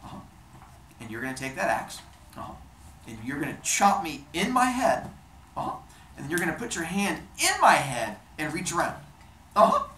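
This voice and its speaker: A man's voice: on the high side, huge pitch swings, normal speed, long pauses, pushed and bright, recorded from a distance, a little hiss or hum, voice pushed up, full character voice. Zeus, a man voicing a blustery god king. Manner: blustery, exasperated. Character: Zeus, loud grumpy king of the gods. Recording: roomy echo.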